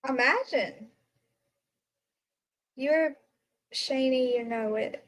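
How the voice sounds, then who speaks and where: A woman's voice: high-pitched, extremely slow. A woman hosting a casual livestream, chatting to viewers, reading out their comments and exclaiming at what they send. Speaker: livestream host.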